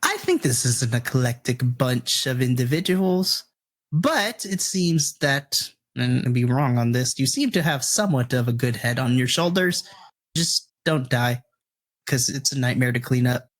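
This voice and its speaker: A man's voice: mid-range voice, lively intonation, measured pace. A man voicing a wary middle-aged male tavern keeper who gives dry, matter-of-fact warnings in a tabletop game. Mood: wry.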